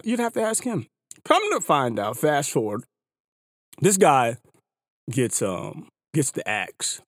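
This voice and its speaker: A man hosting a podcast, talking casually and at length in an animated, slangy way, often repeating words. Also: very high voice, no room sound, clean studio sound. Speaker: podcast host. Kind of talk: casual opinion monologue. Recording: hip hop music underneath. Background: hip hop music.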